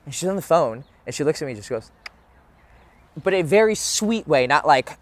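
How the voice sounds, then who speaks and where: A man's voice: fairly high pitch, big pitch swings, normal speed, long pauses. A young man, a dating coach, talking candidly to camera outdoors in a casual, conversational way, swearing freely. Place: outdoors near a bench.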